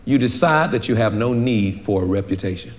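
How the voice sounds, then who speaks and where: A man pastor preaching a sermon, animated, acting out little dialogues and laughing often. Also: on the low side, a little fast, background noise.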